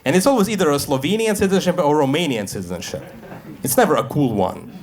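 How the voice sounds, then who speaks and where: A man doing a stand-up set in a comedy club, deadpan and self-deprecating, acting out the voices he quotes. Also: fairly high pitch, fast talker. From Russia. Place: comedy club stage with a live audience. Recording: live club recording with crowd laughter. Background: audience laughter.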